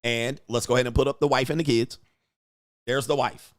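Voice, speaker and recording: A man hosting his own livestream, talking in a crude, combative way and laughing often at his own remarks. His voice sits at an ordinary pitch for a man. The sound is dry and close, with no room echo. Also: steady tone, fast, clear, resonant tone. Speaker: livestream show host and dating coach. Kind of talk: profane livestream commentary.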